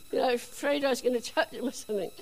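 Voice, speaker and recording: A woman telling a personal faith testimony in a chatty, animated storytelling way. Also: high-pitched, low-quality recording. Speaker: speaker giving a testimony.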